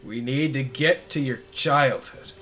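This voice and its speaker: A man's voice: mid-range voice, unhurried, pushed and bright, faint music behind. A man on a charity game stream, reading game text aloud in a theatrical way.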